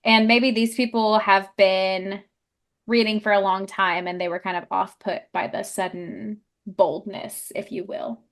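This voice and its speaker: A woman's voice: medium pitch, steady tone, measured pace. A young woman co-hosting a casual book podcast, chatty and full of fillers. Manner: chatty, lots of fillers, laughs easily. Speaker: podcast co-host.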